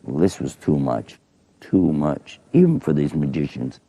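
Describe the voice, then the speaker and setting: A man telling a religious story to children in a folksy, animated way. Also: very deep voice, measured pace, creaky, breathy edge.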